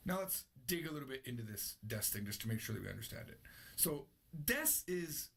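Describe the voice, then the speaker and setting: A man's voice: on the high side, gravelly, a bit bright, slightly rough. A man teaching an unscripted language lesson, explaining patiently and repeating his key points. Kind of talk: unscripted classroom-style lesson.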